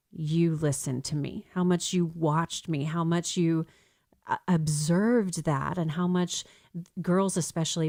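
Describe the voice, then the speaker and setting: A middle-aged American woman hosting a faith-based radio talk show, speaking in a casual, animated way. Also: sits low, dry recording, clean studio sound. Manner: animated, mimics ads in a sing-song voice.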